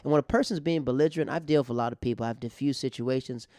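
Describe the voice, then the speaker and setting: Smooth-voiced man telling a rambling story. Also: medium pitch, racing, darkish tone, no echo, studio quality. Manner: rambling, conversational, with many restarts and fillers. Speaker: comedian and podcast host. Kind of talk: casual storytelling monologue.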